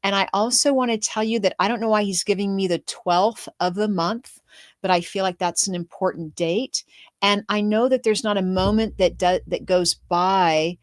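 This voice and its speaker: A woman's voice: medium pitch, steady tone, normal speed, dry recording, clean studio sound. A middle-aged woman hosting a show, giving spirit readings in an earnest, flowing, reassuring way. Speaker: psychic medium host.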